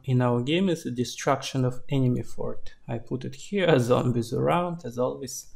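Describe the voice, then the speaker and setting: A man, an indie game developer, narrating a screen-recorded tutorial in a relaxed, explaining way. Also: mid-range voice, creaky.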